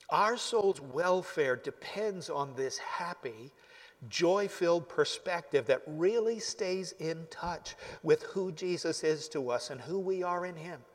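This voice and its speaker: A male pastor preaching a sermon in an earnest, emphatic way, sometimes dropping to near-whispers. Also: a little high. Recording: long hall reverb.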